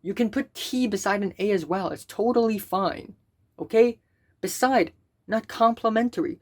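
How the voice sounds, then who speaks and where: A woman's voice: medium pitch, moderate pace. A young woman student ranting in a vlog, exasperated, stammering repeated words and swearing often. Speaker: student vlogger.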